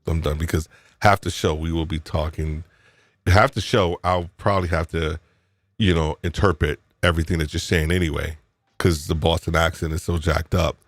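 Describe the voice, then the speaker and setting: A man's voice: rumbling low, fairly even intonation, moderate pace, no room sound. A man from New York hosting a live podcast chat, teasing his guests in playful banter and musing with many fillers and restarts. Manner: reflective, uses fillers and restarts. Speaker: podcast host.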